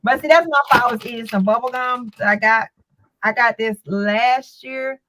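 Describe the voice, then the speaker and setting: A woman's voice: on the high side, moderate pace, fairly bright tone, rough recording. A woman co-hosting a casual call-in talk show, chatting in an easygoing way. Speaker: co-host.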